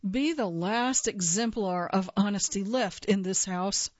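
A woman reading the lines of a gruff, paranoid, dying old male judge who barks and accuses. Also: medium pitch, measured pace, dry recording, muffled recording, close to an everyday voice. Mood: suspicious, gruff. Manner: gruff, barking, suspicious.

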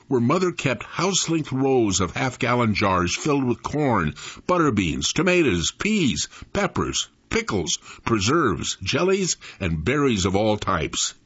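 A man in his eighties reading his own memoir aloud in an expressive storytelling manner. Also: fairly low pitch, husky. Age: 80s. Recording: dull lo-fi recording.

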